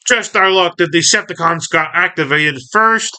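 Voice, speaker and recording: A man reading aloud the lines of a tough, loyal robot medic in a gruff, brash tone. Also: sits high, normal speed, pushed and bright, voice pushed up, heavily acted.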